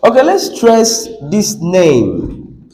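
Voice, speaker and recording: A man with a Nigerian English accent leads a classroom lesson on word stress. His fairly high voice swings widely in pitch, and he speaks slowly. He repeats words and keeps asking the class questions. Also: wildly swooping pitch, mellow, rough recording. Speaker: English teacher.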